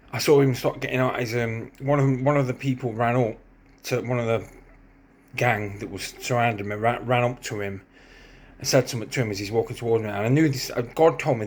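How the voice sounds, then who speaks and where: A middle-aged man tells his story at a quick clip. He rambles, restarts his sentences and keeps checking in with the listener. His voice sits at an ordinary pitch. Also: slight background noise. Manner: rambling, repeats "do you know what I mean". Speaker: storyteller recounting a street fight. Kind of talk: casual storytelling monologue.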